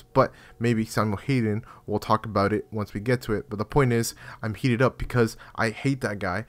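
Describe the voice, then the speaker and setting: Excitable low-voiced gamer man. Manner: excitable, chatty, swears and curses at the game. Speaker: gaming channel host. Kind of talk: casual game commentary.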